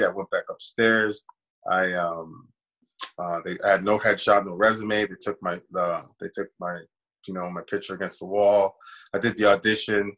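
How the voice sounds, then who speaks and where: Low-voiced man telling a story. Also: breathy edge, rough recording. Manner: animated storyteller, acts out quoted voices. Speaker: actor guest. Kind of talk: casual storytelling interview.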